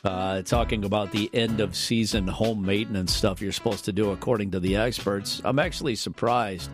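A man's voice: lowish voice, moderate pace, over music. Joking male radio co-host. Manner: jokey, animated storytelling. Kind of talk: casual morning radio chat.

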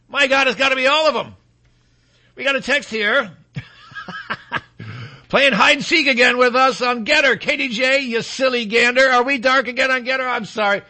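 A man with a high voice and a piercing, very bright edge hosts a political talk show. He rambles, repeats himself for emphasis and slips into sarcasm, riffing loosely from one point to the next. He is from Michigan. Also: moderate pace.

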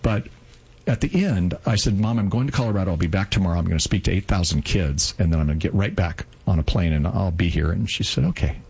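A man in his sixties, co-host of a radio talk show, telling a heartfelt personal story in an earnest, lively way. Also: low voice, fast talker, vocal fry, breathy edge, low-quality recording. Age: 60s.

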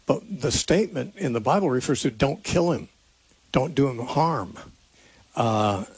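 Man, radio call-in host, earnest, thinks aloud, restarts sentences, husky voice, dry studio mic. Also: mid-range voice, no room sound. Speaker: radio call-in host answering Bible questions. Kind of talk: unscripted call-in radio teaching.

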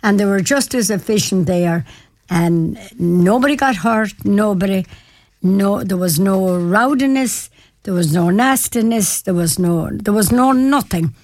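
A woman's voice: mid-range voice, measured pace, no echo. An older woman from the west of Ireland with a Mayo accent, telling a long story in a chatty, rambling way. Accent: Irish, County Mayo. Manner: chatty, warm-hearted, repeats herself, laughs often. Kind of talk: casual storytelling.

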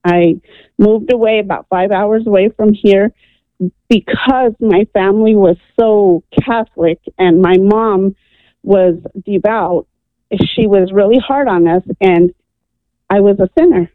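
A woman's voice: medium pitch, unhurried, no room sound. A woman from New Mexico tells a personal story as a caller on a call-in radio show. She speaks earnestly and with animation, and she acts out the people in her tale. Her voice comes through a narrow, tinny phone line and sounds dry. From New Mexico, USA.

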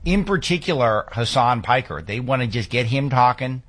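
A man's voice: medium pitch, expressive, normal speed, fairly bright tone. A man hosting a political talk radio show, talking in sarcastic, rambling asides from a studio booth.

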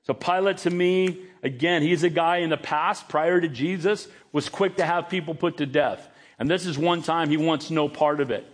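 A man's voice: fairly high pitch, moderate pace, hardly any pauses. A male pastor preaching a sermon, emphatic and dramatic as he retells a scene.

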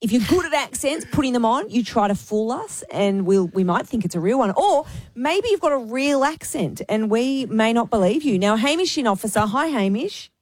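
Irish woman, radio host, high voice, brisk and self-deprecating, dry studio mic. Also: expressive, darkish tone, no room sound. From Ireland. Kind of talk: breakfast radio banter. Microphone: studio microphone.

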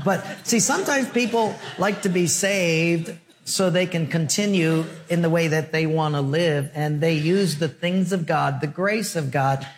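A male preacher at a middle pitch delivers a sermon full of stories. He is animated and jokey, acting out the back-and-forth dialogue himself. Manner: animated, joking, acts out dialogue. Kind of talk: sermon with storytelling.

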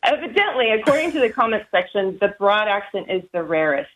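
A woman's voice: medium pitch, very animated, a little fast, noisy background. An American woman guest on a radio show, talking hesitantly with many fillers and giggles. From United States. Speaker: guest caller. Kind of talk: casual radio interview.

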